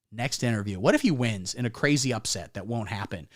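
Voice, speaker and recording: A man hosting a comedy livestream, delivering a satirical monologue in the style of a mock pundit, with deadpan asides. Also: fairly low pitch, brisk, few pauses.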